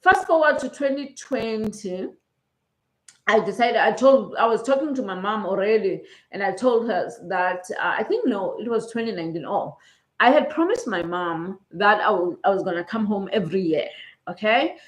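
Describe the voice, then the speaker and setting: A woman's voice: mid-range voice, expressive, moderate pace. A middle-aged woman with a South African accent, telling a personal story to her vlog viewers in a chatty way, often checking in with "okay?", and close to tears. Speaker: vlogger. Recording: roomy echo.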